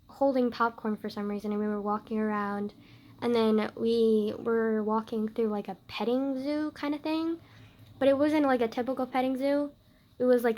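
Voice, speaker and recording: A late-teen girl vlogger with a fairly high-pitched voice chats casually to the camera, telling a story packed with "like." She swings between loud outbursts and quiet asides.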